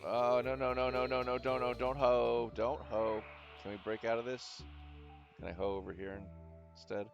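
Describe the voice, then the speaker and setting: A man's voice: medium pitch, flat delivery, normal speed, vocal fry, muffled recording, over music. A man streaming games, giving casual commentary and joking, swearing and muttering as he plays. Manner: joking, swears freely, hums and mutters while playing.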